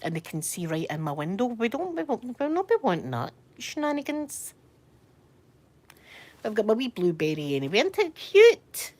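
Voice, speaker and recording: Chatty Scottish woman, lively voice. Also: mid-range voice, normal speed. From Scotland. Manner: chatty rambling storyteller, reads out viewer comments. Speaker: livestream host. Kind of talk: casual chat livestream. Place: in bed at home.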